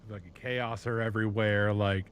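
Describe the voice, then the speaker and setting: A man's voice: on the low side, moderate pace, a little hiss or hum. Profane, rambling man streaming. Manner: profane, rambling, animated storytelling. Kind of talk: casual live-stream chat.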